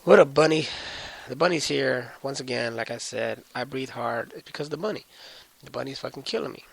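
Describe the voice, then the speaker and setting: A young man hosting his own podcast, telling a story as a profane, animated solo rant. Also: medium pitch, a little fast, vocal fry, breathy edge. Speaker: podcast host.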